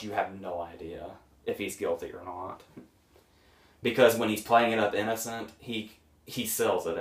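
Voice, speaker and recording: A deep-voiced man talks through a film review in a loose, rambling way, filling gaps with ums and small laughs. He sits back from the mic, and the room echoes around him. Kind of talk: casual film review commentary. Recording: roomy echo, mic at a distance.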